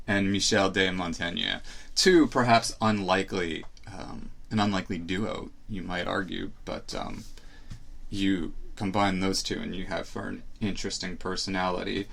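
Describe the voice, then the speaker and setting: A man's voice: low voice, creaky, fairly bright tone. A man hosting a solo podcast, talking casually in a rambling, hesitant, self-reflective way. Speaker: podcast host. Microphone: live stream setup.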